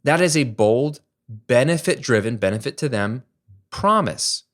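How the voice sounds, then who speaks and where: A man's voice: mid-range voice, lively intonation, a little slow, a bit bright. Emphatic man coaching with rhetorical questions. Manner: chatty and self-deprecating. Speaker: online business coach. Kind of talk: casual teaching to camera.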